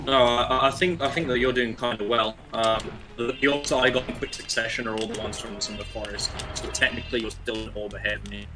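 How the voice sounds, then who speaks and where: Over music, a man talks through his speedrun moves in a quick, nearly pause-free stream, his mid-range voice holding a steady tone. The racer keeps it casual and pokes fun at himself along the way.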